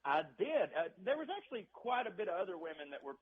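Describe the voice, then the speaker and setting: A man's voice: high voice, sing-song, quick pace, husky. Joking Southern man on a muffled phone line. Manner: joking, self-deprecating storyteller. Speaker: stand-up comedian guest. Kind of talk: casual phone interview.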